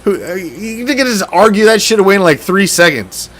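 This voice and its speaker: A man's voice: sits high, animated, fairly quick, a bit bright. Profane, ranting male sports fan host. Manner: profane, heated, sarcastic ranting; loose, stumbling restarts. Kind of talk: casual ranting commentary.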